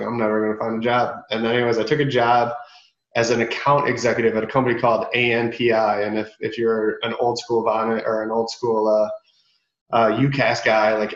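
A man's voice: lowish voice, roomy sound, highs cut off. A man in his thirties from Michigan, a sales guest telling stories in a casual podcast interview and acting out the quotes. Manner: animated storyteller, acts out quotes.

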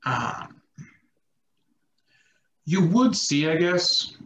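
A man narrating as game master in a relaxed, rambling way with many fillers. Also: fairly high pitch, extremely slow. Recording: echoey lo-fi room recording.

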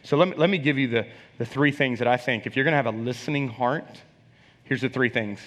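A man's voice: mid-range voice, brisk, a bit bright. A man preaching a sermon, telling a personal story in an emphatic, conversational way, often repeating phrases and putting questions to the congregation. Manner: conversational, asks the audience questions. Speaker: preacher sharing a testimony. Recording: long hall reverb.

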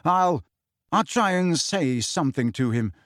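A man's voice: fairly high pitch, expressive, unhurried, fairly bright tone, no room sound, studio quality. A man voicing a flustered teenage boy who speaks hastily and stumbles over his words. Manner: hasty and hesitant.

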